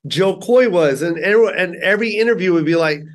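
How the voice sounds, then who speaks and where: Talking quickly with a high-pitched voice, the middle-aged stand-up tells lively stories during a casual interview and performs his quoted figures in different voices.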